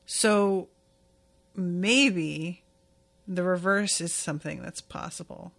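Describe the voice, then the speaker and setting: A woman's voice: on the low side, takes it slowly, vocal fry, a bit bright. A woman hosting a podcast, recapping an episode in a casual, candid way and swearing now and then. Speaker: podcast host.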